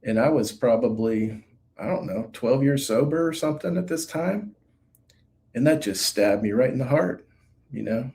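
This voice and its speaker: Middle-aged man, mellow and warm-toned, earnest and halting testimony, lots of fillers. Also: mid-range voice, animated, vocal fry. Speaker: guest sharing recovery story. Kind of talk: reflective personal testimony.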